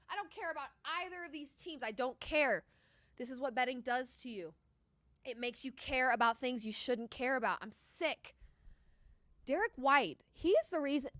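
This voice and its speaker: Her bet going bad, a young adult woman hosting a live sports betting stream groans and pleads with real emotion. She speaks in a high, animated, bright, forceful voice at normal speed. Captured on a studio microphone in a sports studio, the sound is clean and echo-free.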